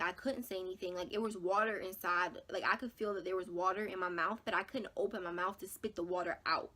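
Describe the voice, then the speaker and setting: A young woman vlogger telling a personal story to her viewers in casual, slangy talk, animated and dramatic, with big jumps in pitch and loudness. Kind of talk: storytime vlog.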